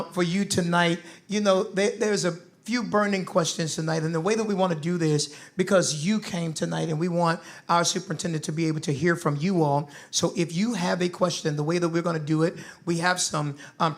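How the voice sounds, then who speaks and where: A man in his fifties moderating a community forum in a lively town-hall manner, with a preacher's call-and-response style. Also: on the high side. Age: 50s. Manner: preacherly, calls for crowd responses.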